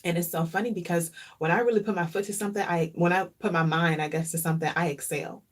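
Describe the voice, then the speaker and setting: A woman vlogger speaks in a casual, heartfelt way, her voice sitting a little low. She turns reflective and openly emotional, often repeating a phrase to drive it home. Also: steady tone, fast. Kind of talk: casual chat.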